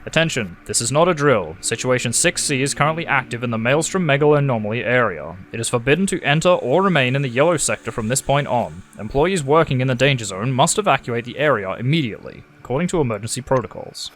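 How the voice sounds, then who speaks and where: A man's voice: mid-range voice, expressive, fairly bright tone, a little hiss or hum, natural voice. A man reading a formal emergency announcer. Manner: formal, measured. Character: official emergency radio announcer.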